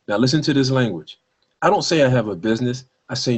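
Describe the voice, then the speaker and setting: A man's voice: medium pitch, lively intonation, quick pace, breathy edge. A man giving a sales training talk, emphatic, repeating his points and checking in with his listeners. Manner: emphatic, repeats points, asks "all right?". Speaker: network marketing trainer.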